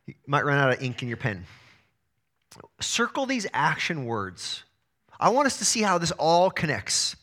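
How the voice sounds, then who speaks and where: A man in his thirties preaching a sermon as pastor, energetic, often repeating words as he starts a phrase. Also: fairly high pitch, normal speed, pauses often.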